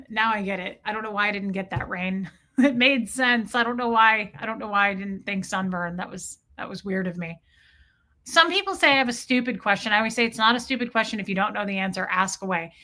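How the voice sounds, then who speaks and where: A woman's voice: mid-range voice, fairly quick. A middle-aged woman chatting candidly on her live stream, answering viewer comments and swearing freely as she talks about her ex. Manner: candid and animated, swears, mocks a condescending ex in quoted voices.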